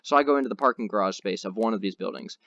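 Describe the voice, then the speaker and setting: A man's voice: fairly low pitch, very fast, a bit bright, no echo, highs cut off. A man hosting a podcast, telling a long rambling anecdote in casual chat with lots of fillers. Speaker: podcast host.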